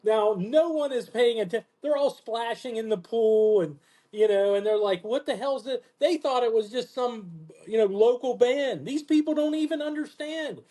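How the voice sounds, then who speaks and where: A man hosting a podcast, telling an animated story in casual chat, swearing freely and acting out what people said. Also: moderate pace. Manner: animated, profane, acts out quotes in a lower voice. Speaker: podcast host.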